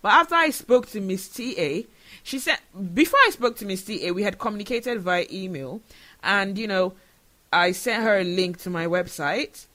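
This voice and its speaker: A man hosts his own podcast and speaks straight to his listeners. His voice sits high and sounds bright and forceful. He talks in an earnest, emotional way. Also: lively intonation, moderate pace. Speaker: show host. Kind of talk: solo podcast commentary.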